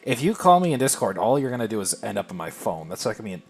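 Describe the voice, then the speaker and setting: Man, low voice, animated delivery, live-stream chatter, faint music behind. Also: very fast, vocal fry, slightly rough. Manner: thinks aloud and answers viewer chat; relaxed and self-deprecating. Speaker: game streamer. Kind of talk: casual live-stream chat while playing.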